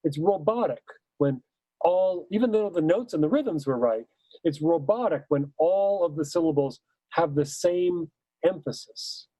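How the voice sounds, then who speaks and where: A man teaching choral phrasing in a measured, emphatic way, sometimes singing short hymn lines to show his point. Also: fairly high pitch, lively intonation, mellow, breathy edge, no room sound, rough recording. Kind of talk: instructional talk.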